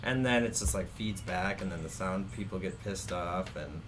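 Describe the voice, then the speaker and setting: A man, the band's drummer, making dry, low-key remarks in casual chat. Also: normal speed, fairly bright tone, a little hiss or hum. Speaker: band drummer.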